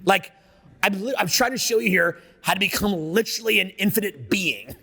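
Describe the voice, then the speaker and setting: Brash, gravelly, high-voiced male seminar speaker. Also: lively intonation, normal speed, pushed and bright, long reverb tail. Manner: brash, profane, riffing off the cuff. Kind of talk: live seminar talk. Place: seminar room with an audience.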